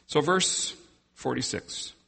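A man preaching a sermon as pastor, slow and emphatic, with long dramatic pauses. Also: medium pitch, creaky, fairly bright tone, slightly rough, big-room sound.

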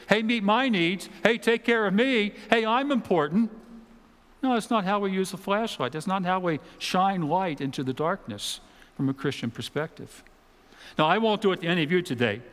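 A man's voice: a little high, a bit bright. Man preaching in a reverberant hall. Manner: conversational preaching with dramatic pauses and mock voices. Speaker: pastor. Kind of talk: sermon. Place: church auditorium.

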